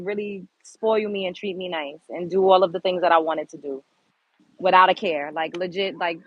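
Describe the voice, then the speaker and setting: A woman's voice: medium pitch, fairly bright tone, dull audio. Blunt, profane New woman host. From Brooklyn, New York. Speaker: show host. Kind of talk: unscripted commentary to a live chat.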